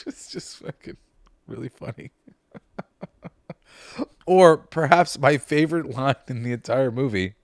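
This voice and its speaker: Excitable, profane man in a dry podcast booth. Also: mid-range voice, measured pace, long pauses, no echo. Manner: excited, profane, laughs while retelling scenes. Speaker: podcast host. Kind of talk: casual movie ranking chat.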